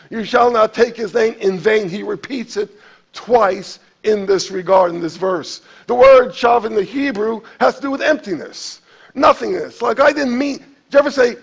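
A pastor preaching a sermon to his congregation, animated, acting out quotes with sudden jumps in pitch and loudness. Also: creaky, slightly rough, lo-fi sound.

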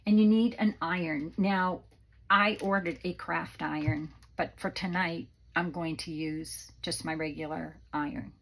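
A woman's voice: on the low side, steady tone, a little slow, fairly bright tone, slight background noise, poor audio. A woman hosting a casual craft tutorial from her home craft room, chatty and rambling with many fillers, a little out of breath. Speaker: craft channel host.

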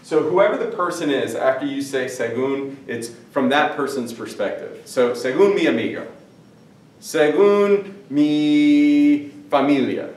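Male teacher, animated, joking, heard from a distance in a roomy classroom. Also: medium pitch. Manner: lively, jokey, stretches out Spanish words slowly. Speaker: Spanish teacher. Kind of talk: classroom vocabulary lesson. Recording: echoey room, mic at a distance.

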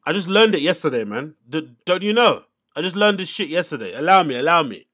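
A man's voice: fairly high pitch, sing-song, fast, fairly bright tone. A man hosting a casual commentary, reacting to podcast clips in an exasperated, sarcastic rant.

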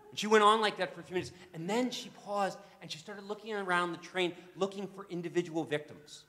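A man giving a talk to an assembly as guest speaker, telling an animated story and repeating words as he starts sentences. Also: high voice, a little fast, hardly any pauses, in a large hall. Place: assembly hall.

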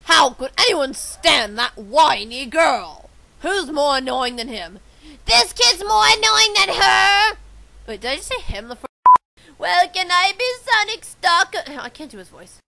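A woman recording fan dub takes in a very high voice with a gravelly, creaky edge. She talks slowly, keeps flubbing and breaking off her lines, and her home recording carries a loud hiss of noise. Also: big pitch swings. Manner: stumbling, cutting off and restarting lines. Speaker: fan dubber.

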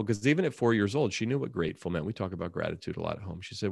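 Earnest deep-voiced man telling a story. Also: lively intonation, very fast, vocal fry, few pauses, slightly rough, no room sound, clean studio sound. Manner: earnest, reflective storytelling, acts out dialogue. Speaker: guest, author and speaker. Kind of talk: storytelling in a podcast interview.

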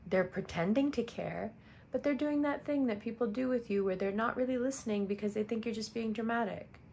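A woman's voice: on the high side, fairly quick, vocal fry, a little mellow, slight background noise. A woman reading tarot and astrology for viewers in a chatty, direct way, repeating phrases for emphasis. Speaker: tarot reader.

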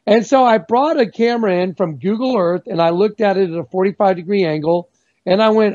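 A man giving a fervent, emphatic religious testimony as a guest on a video call, slowing down to stress key words. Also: high-pitched, a little mellow. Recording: dull lo-fi sound.

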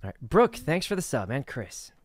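A shy, soft-spoken young man chatting casually on a gaming stream, giggling as he thanks viewers. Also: mid-range voice, huge pitch swings, normal speed, no echo, clean studio sound.

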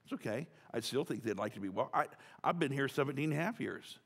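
A man's voice: mid-range voice, lively intonation, fast, creaky, fairly bright tone, breathy edge. A man preaching a casual, joking sermon as pastor, talking chattily with many restarts and asides. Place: church sanctuary. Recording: church hall reverb.

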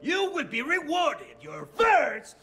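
A man's voice: very high-pitched, wildly swooping pitch, takes it slowly, sharp tone, heavily acted. A man voicing a flamboyant talking book that guides a couple, with theatrical, grand announcements. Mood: grandiose. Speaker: game character. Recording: game audio with music behind.

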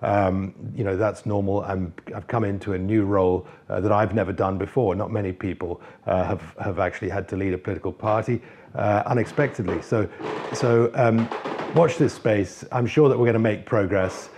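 A man's voice: on the low side, steady tone, moderate pace, a little mellow, a little hiss or hum. A middle-aged man answering members' questions in a livestreamed Q&A, hesitant, with many fillers and restarts. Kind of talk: livestreamed Q&A, reading out messages.

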